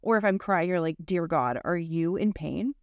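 A woman's voice: lowish voice, normal speed, no room sound, clean studio sound. A woman in her thirties co-hosting a podcast, telling a personal story in a candid, profane, conversational way. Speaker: podcast co-host. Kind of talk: casual conversation.

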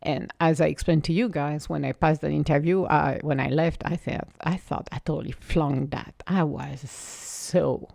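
A woman's voice: low-pitched, fairly even intonation, normal speed, gravelly, hardly any pauses, darkish tone, no echo, clean studio sound. A woman telling her own life story to an audience in an emotive, rambling, motivational way. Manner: emotive, rambling, with laughs and restarts.

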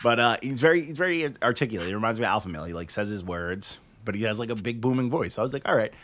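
A man's voice: on the low side, expressive, very fast, fairly bright tone. A man hosting a casual talk show, reviewing music in a loose, joking way with plenty of swearing. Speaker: podcast host reviewing music. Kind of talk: casual chat.

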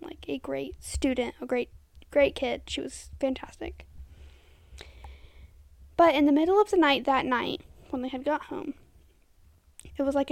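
A young woman hosting a podcast, telling a true crime story casually, full of "like" fillers and often falling to a soft half-whisper. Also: high voice, gravelly, dry recording, studio quality. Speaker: podcast host.

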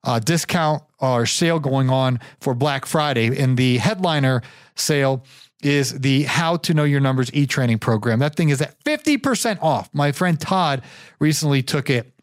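A man's voice: medium pitch, animated, moderate pace, no echo, studio quality. A man hosting a podcast, talking casually and enthusiastically, rambling and repeating himself. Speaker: podcast host.

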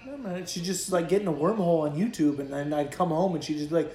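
Co-host, man, relaxed and profane storyteller, slightly raised pitch, echoey recording. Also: fast. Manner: laid-back, profane, storytelling. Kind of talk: casual chat. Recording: echoey room.

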